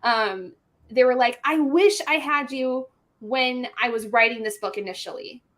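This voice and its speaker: Woman, audiobook narrator, casual video-call chat, giggly, rambling, fairly high voice. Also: a little slow, a bit bright. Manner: giggly, rambling, many "like" fillers.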